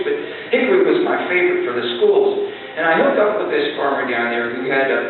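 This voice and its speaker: A man telling a folksy story to a live audience, with an animated delivery and shouted recitations. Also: a little high. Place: large hall with live audience. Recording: distant echoey hall, phone-like sound, faint hiss.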